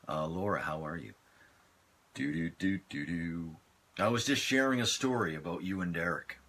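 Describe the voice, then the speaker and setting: A man hosting a casual live stream from his phone, chatting in a relaxed, rambling way as he answers viewer comments. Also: deep voice.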